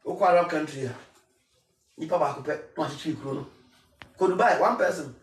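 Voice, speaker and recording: A high-voiced man with a Ghanaian accent makes an emphatic, preacherly appeal, mixing Twi and English and hammering his points through repetition. He is a singer speaking rather than singing. He sounds set back from the mic, in a room with a strong echo. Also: fairly quick, far from the mic. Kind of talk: impassioned spoken appeal.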